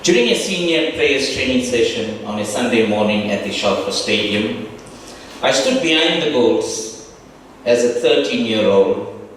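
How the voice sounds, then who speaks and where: A man's voice: medium pitch, slight background noise. A middle-aged man giving a reflective, humorous spoken tribute at a reunion. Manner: reflective storytelling with warm humor. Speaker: speaker at a reunion. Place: large echoey hall. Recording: distant, echoey hall recording with faint ambience.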